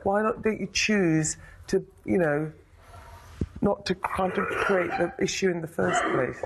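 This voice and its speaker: A woman's voice: fairly low pitch, a little slow. A tearful woman venting in exasperation during casual conversation. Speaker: reality-show contestant. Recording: noisy house microphone.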